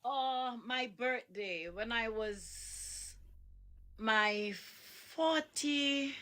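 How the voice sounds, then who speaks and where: A middle-aged woman with a Jamaican accent, telling stories with soft laughs in a live-streamed interview. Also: on the high side, a little hiss or hum. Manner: unhurried storytelling with soft laughs. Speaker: interviewee, bereaved mother.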